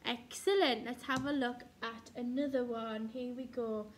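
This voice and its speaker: A woman's voice: on the high side, fairly even intonation, unhurried, slight background noise. A woman teacher giving a recorded phonics lesson to young children, sounding out letters and praising in a sing-song, encouraging way. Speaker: reception class teacher.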